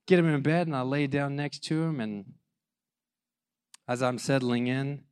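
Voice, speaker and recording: A man in his thirties telling a personal story about being a father, animated and self-mocking, acting out the dialogue. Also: medium pitch, a little slow, clear, resonant tone.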